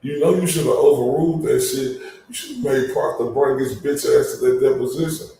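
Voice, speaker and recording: A man's voice: medium pitch, brisk, mellow. A man giving angry commentary, cursing heavily and drawn out in his complaints. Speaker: online commentator. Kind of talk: profane ranting commentary. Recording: very echoey room, far from mic, faint noise.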